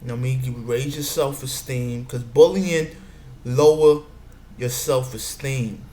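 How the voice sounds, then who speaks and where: A man's voice: medium pitch, unhurried, mellow. A man giving advice in a meandering casual monologue, often saying "you know what I'm saying". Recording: echoey room with faint background noise.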